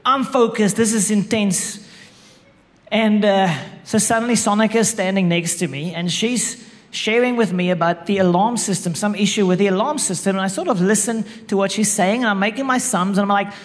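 A man's voice: high voice, brisk. Self-mocking man in a hall. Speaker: speaker sharing a marriage story. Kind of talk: humorous storytelling to an audience. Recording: echoey hall.

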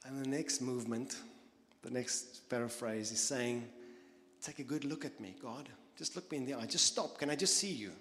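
A man preaching a sermon as pastor, earnest, dropping soft and quiet, then building to emphatic stresses. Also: mid-range voice. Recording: long reverb of a large hall.

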